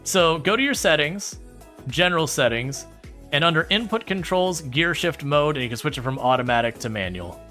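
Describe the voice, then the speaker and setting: A man's voice: fairly high pitch, animated, normal speed, bright, forceful tone, soft background music. A man streaming a farming game, chatting casually and rambling as he answers viewer questions. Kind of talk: casual livestream chat while playing a farming game.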